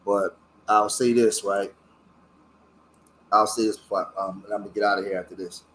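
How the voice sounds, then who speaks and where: Earnest middle-aged man, halting livestream talk. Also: lowish voice, level tone, fairly bright tone, slight background noise. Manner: halting and searching, many fillers and restarts; earnest, openly emotional about his past. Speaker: community activist hosting his own channel. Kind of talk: casual livestream talk while showing photos.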